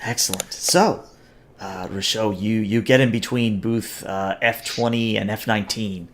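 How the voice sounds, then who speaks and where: A man narrating a tabletop game as game master, relaxed, with frequent fillers. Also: fairly low pitch, normal speed, a little hiss or hum.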